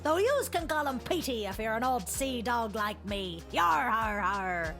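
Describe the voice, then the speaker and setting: A woman's voice: fairly high pitch, very animated, over music. A woman voicing a boisterous female pirate captain who drawls pirate slang in a video game. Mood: hammy. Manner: drawls pirate slang, "yar", slow and hearty.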